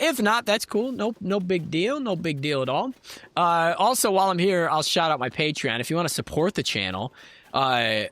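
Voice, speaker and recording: A man's voice: a little high, fairly bright tone. A man giving casual, rambling commentary over his gameplay video. He often interrupts himself and talks in a chatty way. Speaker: gaming YouTuber. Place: home office.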